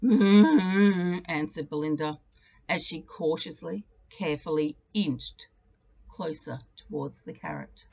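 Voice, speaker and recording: A teacher reading a children's picture book aloud, telling the story expressively and leaning into its repeated refrains. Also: female voice, sits low, a little slow, creaky, slightly rough.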